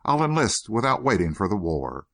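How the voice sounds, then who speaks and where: A man's voice: lowish voice, big pitch swings, moderate pace. A man voicing a frustrated nineteen-year-old young man with an urgent, pleading manner.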